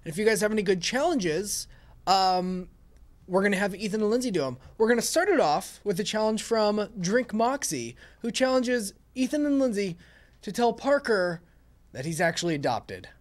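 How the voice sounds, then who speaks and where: A man's voice: high-pitched, animated, normal speed. A young man co-hosting a web show, chatting directly to viewers as he reads out their challenges. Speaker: co-host reading viewer challenges.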